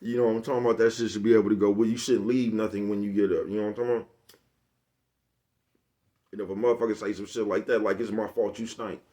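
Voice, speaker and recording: Man, low voice, comedic vlog rant, slangy and profane, laughs a lot, repeats his catchphrase. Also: steady tone, fast, long pauses, warm tone. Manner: laughs often, repeats "you know what I'm talking about"; loose slangy street talk with profanity. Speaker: vlogger. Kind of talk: casual comedic rant to camera.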